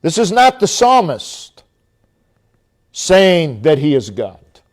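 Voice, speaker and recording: Slow, emphatic male preacher. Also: wildly swooping pitch. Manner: slow, emphatic preaching with long dramatic pauses; drops to a low, quiet voice when quoting God. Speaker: pastor. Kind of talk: sermon.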